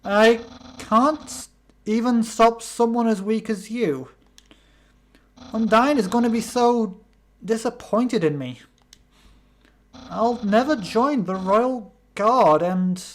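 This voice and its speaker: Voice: medium pitch, slow, pauses often, close to an everyday voice. A British gamer reading the lines of a boastful, theatrical male skeleton with grand, pompous delivery. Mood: dejected. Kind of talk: reading game dialogue aloud.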